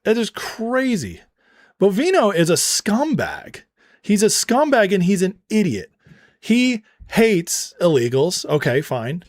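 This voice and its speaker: Man, show host, higher pitch, dry close sound, heated, scornful ranting commentary. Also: huge pitch swings, slow, no room sound. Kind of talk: political commentary monologue.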